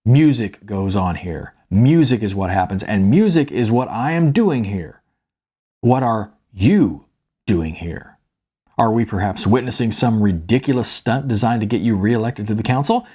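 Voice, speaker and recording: A man's voice: lowish voice, animated, unhurried, dark tone, slightly rough. A man voicing an angry father, a musician who thunders and demands answers from his son. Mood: scornful.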